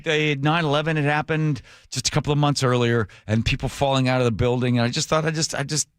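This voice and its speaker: A man hosting a talk radio show, telling a story with lively acted-out quotes in a studio. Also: mid-range voice, quick pace, clear, resonant tone, no echo. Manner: acts out quotes with big voice swings.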